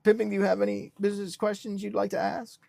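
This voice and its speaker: Deadpan young male streamer, high voice, dry close sound. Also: fast talker, creaky, no echo. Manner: deadpan self-styled businessman persona. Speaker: livestream host. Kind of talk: casual livestream chat reading comments.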